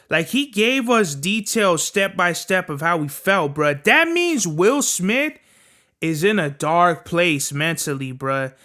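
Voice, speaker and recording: A man's voice: high voice, bright, forceful tone. A young man hosting a podcast, ranting in a casual, profane, emphatic way and tacking "bruh" onto nearly every sentence. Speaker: podcast host. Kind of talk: casual opinion rant.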